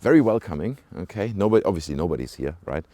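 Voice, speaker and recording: Low, dark-voiced man vlogging outdoors. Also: animated, fast. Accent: British-sounding English. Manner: rambling, chatty, many fillers and asides to viewers. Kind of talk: casual walking vlog commentary. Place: outdoors in a small rural village. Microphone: handheld camera mic while walking.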